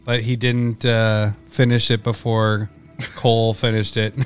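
A man's voice: mid-range voice, flat delivery, takes it slowly, soft background music. A man hosting a card-guessing game, chatting casually, teasing and laughing often. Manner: giggly, teasing. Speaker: host giving clues in a card-guessing game. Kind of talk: casual live-stream chat.

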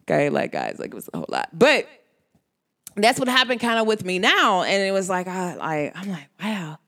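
A woman's voice: fairly low pitch, sing-song, moderate pace, sharp tone. A woman hosting an astrology show, chatting casually in a rambling, slangy way and laughing often. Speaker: astrology podcast host. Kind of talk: casual chat.

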